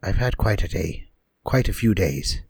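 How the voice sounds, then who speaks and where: A man voicing a brash, hot-tempered male gunslinger who talks gruffly and bluntly, with sarcasm. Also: low-pitched, animated, unhurried, darkish tone, dry recording, full character voice. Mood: gruff sarcastic.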